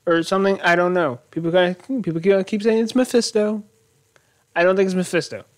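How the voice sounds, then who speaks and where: A man's voice: high-pitched, a little fast, dry recording, clean studio sound. Rambling man recapping a TV episode. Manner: rambling, animated, thinks aloud. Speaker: YouTube show host.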